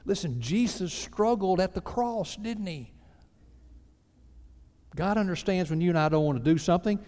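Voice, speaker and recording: A man preaching a sermon as a pastor, lively and acting out mock prayers in other voices. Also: high voice, moderate pace. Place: church sanctuary. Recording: reverberant church sanctuary.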